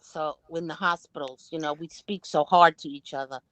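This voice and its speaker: An older woman with a New York accent, chatting casually on a livestream and telling lively stories. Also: low voice, normal speed, no room sound, rough recording. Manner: animated storyteller who acts out quotes. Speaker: guest on a livestream. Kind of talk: casual chat.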